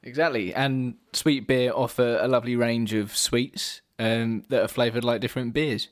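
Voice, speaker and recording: A man's voice: mid-range voice, steady tone, moderate pace. A man from England co-hosting a casual podcast, trading dry jokes and banter. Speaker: podcast co-host.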